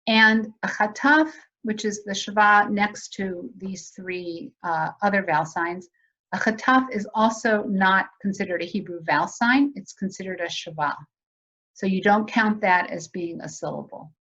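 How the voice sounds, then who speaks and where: Woman presenter, mid-pitched, walks teachers through a method on a slightly muffled video call. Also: normal speed, a bit bright. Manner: conversational, explanatory, asks audience questions. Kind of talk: virtual teacher training webinar.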